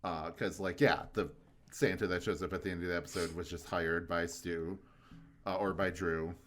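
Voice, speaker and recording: A man's voice: low voice, fairly even intonation, moderate pace, a little hiss or hum. A young man co-hosting a podcast, chatting casually in a rambling way with many fillers and easy laughs. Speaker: podcast co-host. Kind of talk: casual chat.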